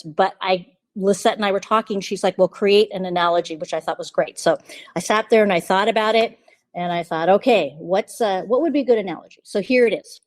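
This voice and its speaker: A woman's voice: medium pitch, dry recording. A woman podcast host telling a personal story in a casual, confiding way, often acting out what others said. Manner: chatty, confiding, quotes others in lively asides.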